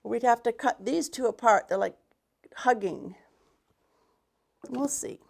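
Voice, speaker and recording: A chatty woman with a fairly high voice and a gravelly edge leads a live craft demonstration as a paint retailer. She rambles, restarts her sentences and mutters asides while a little out of breath. She speaks into a livestream camera in an indoor workshop. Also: slow. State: a bit out of breath.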